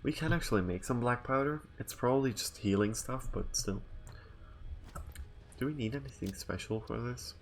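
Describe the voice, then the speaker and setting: A man's voice: mid-range voice, normal speed, a little hiss or hum. A young man chatting casually while streaming a game, rambling and thinking aloud with lots of fillers.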